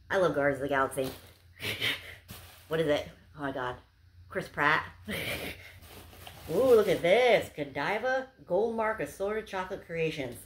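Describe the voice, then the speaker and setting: A woman's voice: low voice, noisy background. A young woman chatting casually to camera as she unboxes gifts, gushing and bubbly, with lots of "like"s. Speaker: unboxing vlogger.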